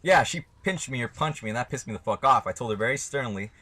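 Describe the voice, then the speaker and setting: A man's voice: medium pitch, lively intonation, quick pace, pushed and bright. A young man telling a story to his camera in a casual, rambling way, swearing often and speaking bluntly. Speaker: vlogger.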